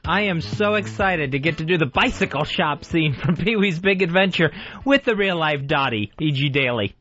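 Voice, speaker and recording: A giddy male radio co-host chatting casually, his voice high, bright and bouncing around lively. The broadcast carries a dull, lo-fi sound. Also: moderate pace, faint music behind. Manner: giddy, laughing easily.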